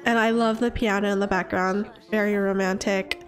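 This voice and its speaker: A woman giving casual let's-play commentary on a life-sim game, excitable and gushing, often squealing and laughing. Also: mid-range voice, normal speed, soft background music. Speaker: gaming video creator.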